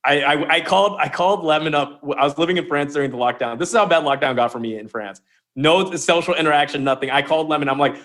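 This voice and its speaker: A male guest author speaks on a podcast in a playful, demonstrative way, often acting out how to talk. His voice sits a little high for a man. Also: fast talker, a bit bright. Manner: playful, demonstrative, shifts voice to illustrate. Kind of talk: casual conversational interview.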